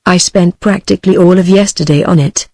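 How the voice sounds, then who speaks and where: A woman's voice: on the low side, fairly even intonation, a little fast, mellow, no echo. A synthetic woman's voice with a British English accent, reading the lines of an evasive young male store clerk. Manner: hesitant, evasive.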